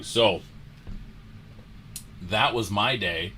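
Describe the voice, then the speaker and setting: A male host of a sports card livestream recounts a story with a slow, deliberate pace. His voice sits low but has a bright, forceful edge. He acts out the moments as he goes, over a faint background hiss. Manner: animated storyteller, re-enacts moments.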